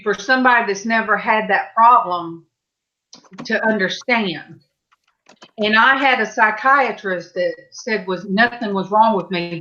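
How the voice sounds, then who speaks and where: A woman hosting a live-stream panel, telling stories in a slow, halting, meandering way over a video call. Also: medium pitch, bright, forceful tone, muffled recording. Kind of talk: casual chat on a live stream.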